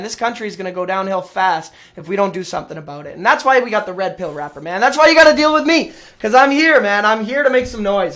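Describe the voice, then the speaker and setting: A worked-up man hosting his own livestream, his voice sitting high for a man. He rants in loose, casual bursts and keeps tagging lines with "man.". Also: fairly bright tone. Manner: worked-up, ranting, says "man" a lot. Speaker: show host.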